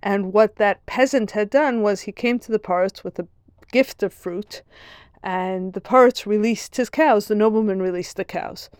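A woman's voice: medium pitch, moderate pace, clear, resonant tone, no room sound, clean studio sound. A woman giving an earnest religious lesson, telling a parable in a storytelling manner. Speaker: Torah teacher.

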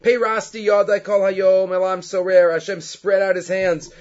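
A man's voice: high-pitched, flat delivery, moderate pace. A man teaching a verse-by-verse scripture lesson. He works Hebrew terms into his English explanation and acts out the lines he quotes. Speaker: Torah teacher. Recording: dull lo-fi recording.

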